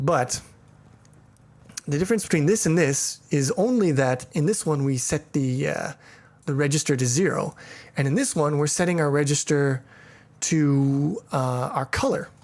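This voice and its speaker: A man walks through a programming lesson in a loose, casual way. He thinks aloud, stumbles through restarts and throws in crude jokes along the way. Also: fairly high pitch. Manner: irreverent, joking, profane asides. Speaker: programming teacher. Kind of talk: casual coding tutorial.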